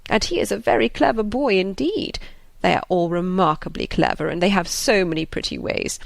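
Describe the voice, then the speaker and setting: A woman voicing a fretful, anxious elderly father in an audiobook, slow and sighing. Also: medium pitch, creaky, dry recording, lightly acted.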